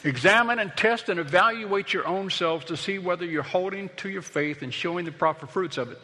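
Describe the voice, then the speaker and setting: A man's voice: high voice, brisk, few pauses, sharp tone, big-room sound. A middle-aged man, a pastor, preaching a sermon in a conversational, storytelling way that builds to emphatic points.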